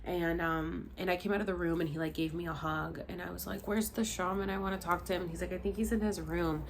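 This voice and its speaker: A woman's voice: lowish voice, fairly even intonation, fast talker, slight background noise. A woman in her thirties casually telling a personal story, rambling with many fillers and sighs, sounding tired.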